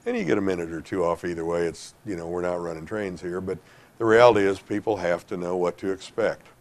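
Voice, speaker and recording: A man's voice: deep voice, fast. A middle-aged man answering interview questions with folksy, emphatic advice and lots of fillers. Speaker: industry guest giving retail sales advice.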